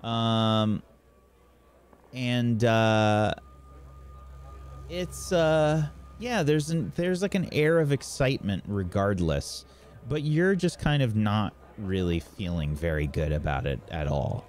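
A man acting as game master, narrating the scene in a relaxed, meandering way with many fillers. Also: on the low side, slow pace.

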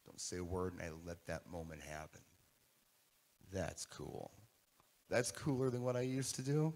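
With a low voice at a moderate pace and slight background noise, this keynote speaker addresses a conference crowd live. He's animated, putting questions to the audience throughout.

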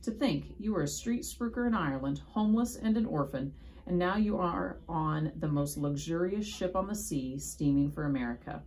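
A woman's voice: deep voice, lively intonation, moderate pace, darkish tone. A woman reading a storybook aloud, voicing a bustling, motherly woman who coos and fusses over a boy. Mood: fussing. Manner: cooing, fussing. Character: bustling, motherly ship's matron.

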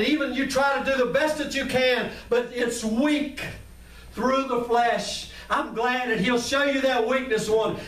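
High-voiced man preaching in an echoey church. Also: fairly bright tone. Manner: impassioned, preaching, calls to the congregation. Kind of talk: sermon. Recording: echoey room, mic at a distance.

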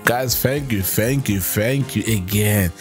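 A woman's voice: very deep voice, measured pace, faint music behind. A woman hosting a sitcom reaction video, laughing a lot and often repeating herself as she thanks viewers. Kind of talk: casual reaction commentary.

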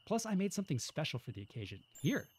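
A man's voice: a little high, very animated, quick pace, slightly rough, voice pushed up. A man doing a cheery young cook. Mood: cheerful.

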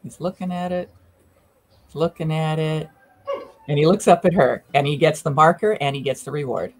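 A woman's voice: deep voice, fairly even intonation, normal speed. A woman, a dog behavior consultant, chatting casually and enthusiastically as she comments on a training video. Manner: enthusiastic, chatty, narrates what the dog does.

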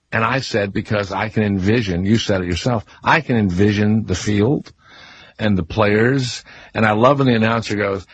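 Husky, low-voiced radio host. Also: male voice, moderate pace, dry recording. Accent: Southern US, softened. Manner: animated storyteller, mimics announcers. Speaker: radio talk show host. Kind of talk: casual radio talk. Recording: dull, slightly lo-fi radio studio sound.

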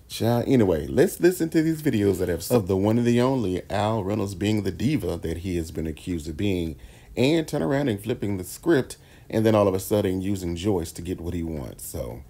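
A man's voice: deep voice, animated, fairly quick, warm tone. A man hosting a casual, sassy celebrity gossip commentary and calling his viewers "child" and "baby.". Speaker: host of a commentary channel. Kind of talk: casual pop-culture commentary.

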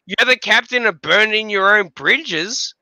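A man co-hosting a livestream chat, swearing freely and mocking in an animated way. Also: sits high, a little slow, no echo. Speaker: livestream co-host. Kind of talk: profane casual chat.

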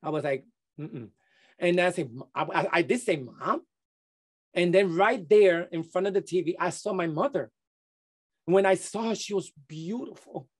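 Halting middle-aged man telling his story. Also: high voice. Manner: halting, many restarts and repeated words. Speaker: guest. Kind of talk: testimony in an interview.

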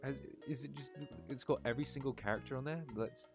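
A man's voice: medium pitch, quick pace, gravelly, faint music behind. A man chatting casually while streaming a game. He reads chat aloud, answers it and swears freely. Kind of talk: casual game livestream commentary.

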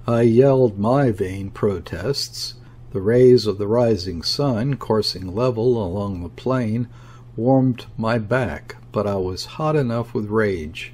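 A man narrating a classic novel as an audiobook, reading in a measured, deliberate way. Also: lowish voice, mellow, husky. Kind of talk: scripted narration.

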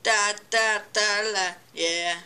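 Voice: mid-range voice, steady tone, slow, pushed and bright, clear, resonant tone. A person giving casual gameplay commentary, rambling and chatty, with frequent stammers and restarts as they talk back at the game. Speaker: gameplay video maker.

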